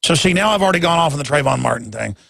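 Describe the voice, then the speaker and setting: A man rants through a talk radio monologue, rambling and then jumping into sudden loud emphatic bursts. His voice sits fairly high, with a rough gravelly fry and a husky edge. The sound is close and dry. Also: expressive, very fast, no room sound.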